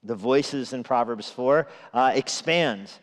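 A man's voice: mid-range voice, slow pace. A male pastor giving an evening sermon in a conversational way, with asides and chuckles. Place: church sanctuary. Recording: long reverb of a large hall.

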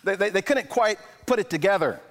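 High-voiced male pastor preaching. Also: a little fast, big-room sound. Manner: animated, acts out quoted dialogue, stumbles and repeats words. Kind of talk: sermon. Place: church sanctuary.

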